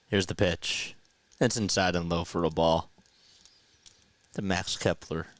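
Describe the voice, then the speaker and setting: A man's voice: low-pitched, fairly even intonation, slow, dry recording. A young man giving casual live baseball play-by-play, chatting and laughing with viewers. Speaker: play-by-play streamer. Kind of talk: live baseball commentary and chat.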